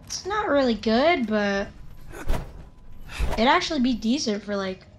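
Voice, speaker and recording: A woman's voice: fairly high pitch, animated, unhurried, a little hiss or hum. A woman hosting a gaming channel, chattering to herself during gameplay commentary, jittery, panicky and playful. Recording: game gunfire loud under voice. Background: game gunfire and ambience.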